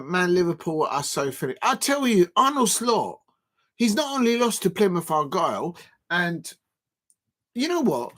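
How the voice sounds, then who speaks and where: A man hosting a live football watch-along, ranting at rival fans with exasperated outbursts and sudden shouting. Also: high voice.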